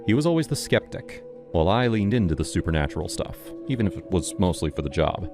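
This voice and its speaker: Guy with a super deep voice telling a horror story, slow and dramatic, music going behind him. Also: sing-song. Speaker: narrator. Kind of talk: first-person horror story narration.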